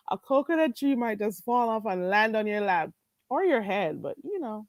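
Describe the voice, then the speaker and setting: Slow and prone to long pauses, this woman's voice is on the high side, with no room sound. Hosting a casual livestream in a Jamaican accent, she reads the chat aloud, laughing and exclaiming animatedly.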